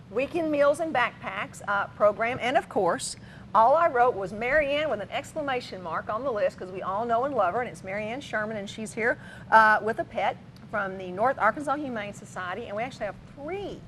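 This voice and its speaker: A woman's voice: fairly high pitch, moderate pace, a bit bright, slight background noise. A middle-aged woman co-hosting a local TV talk show in a studio, chatting playfully and teasing her co-host. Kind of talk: casual studio chat.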